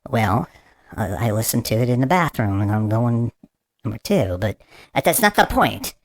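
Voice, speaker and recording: A man's voice: medium pitch, very animated, normal speed. A man voicing a cranky male protester with a put-on British-style accent, grumbling and complaining. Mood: grumpy. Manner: grumpy, complaining, repeats "bloody".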